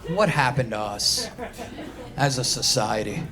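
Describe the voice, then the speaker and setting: In an unhurried but very animated mid-range voice, a New York comic performs a profane, brash live set. He's from Queens, speaks with a New York accent, and acts out the voices he quotes as audience laughter fills the recording.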